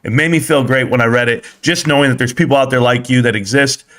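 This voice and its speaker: A man hosting a casual stock market live stream, rambling and joking as he gives shout-outs to his viewers. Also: medium pitch, fast.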